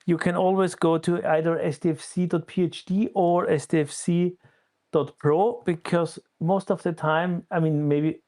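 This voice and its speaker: A man's voice: a little high, fairly even intonation, normal speed, a little mellow. A man on a group call explaining helpfully where to find shared spreadsheets. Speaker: guest and spreadsheet maker. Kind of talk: casual chat on a group call.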